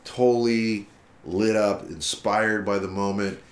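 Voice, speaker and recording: Unhurried and lowish in pitch, a musician guest in a roomy-sounding recording tells a lengthy story during a laid-back interview. He swears freely, animatedly reenacting what the other people said.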